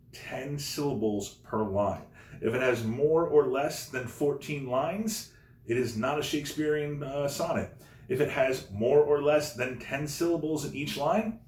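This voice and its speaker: A male teacher giving a recorded remote lesson, explaining slowly and repeating the key points. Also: medium pitch, darkish tone. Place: home room, no classroom. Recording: echoey room.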